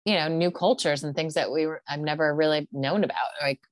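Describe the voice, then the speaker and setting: Woman, low voice, chatty podcast co-host, laughs a lot, dry close sound. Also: steady tone, fairly quick, dry recording. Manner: chatty, laughs often, many fillers. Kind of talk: casual chat about reality TV.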